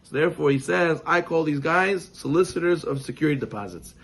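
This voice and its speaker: A man who is a rabbi giving a sermon, reading Hebrew text and explaining it in English, acting out imagined dialogues with lively swings of voice. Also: fairly quick, creaky, slightly rough, poor audio. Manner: acts out imagined dialogues with God and merchants; animated, lively pitch swings.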